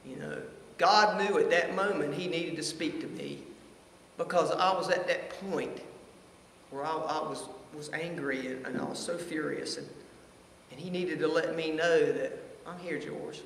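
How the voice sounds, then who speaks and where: A middle-aged man gives a heartfelt testimony at a church recovery meeting. His voice sits high and bright, and he talks haltingly, circling back to repeat key phrases. The sound carries the long echo of a hall with a faint hum of ambience behind it. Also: steady tone, gravelly. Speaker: recovery ministry speaker. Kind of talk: personal testimony.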